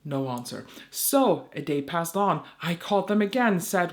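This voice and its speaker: A woman's voice: mid-range voice, animated, brisk, few pauses. A young woman, a beauty content creator, telling an exasperated story in a casual vlog, swearing often and acting out both sides of phone calls.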